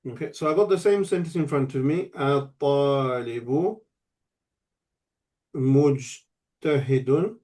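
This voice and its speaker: A man's voice: a little high, fast talker, few pauses, darkish tone. A man teaching an online grammar lesson, explaining patiently step by step and checking in with his student. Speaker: Arabic teacher.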